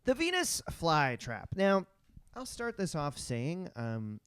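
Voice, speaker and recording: A man's voice: a little high, wildly swooping pitch, takes it slowly, a bit bright, clean tone, no room sound. A man co-hosting a casual comedy podcast, presenting the topic in a playful, joking way. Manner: playful, jokey, breaks into silly sung bits.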